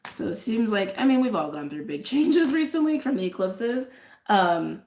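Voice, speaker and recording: A woman giving an intuitive tarot and astrology reading in a casual, effusive way, repeating phrases and trailing off into soft asides. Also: medium pitch, very animated, moderate pace, echoey room.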